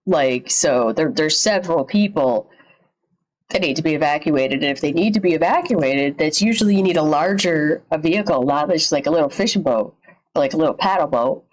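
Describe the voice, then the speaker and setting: A slightly low-voiced woman streams from her home setup and reacts out loud. She chats casually, swears freely and drops sarcastic asides. Her voice comes through a desk mic. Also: lively intonation, normal speed, low-quality recording.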